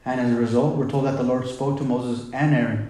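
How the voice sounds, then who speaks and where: A man's voice: medium pitch, fairly even intonation, fast, mellow. Male pastor, middle-range voice, conversational sermon delivery, heavy hall echo. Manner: conversational, retelling scripture with emphasis. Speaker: preacher. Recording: very echoey hall.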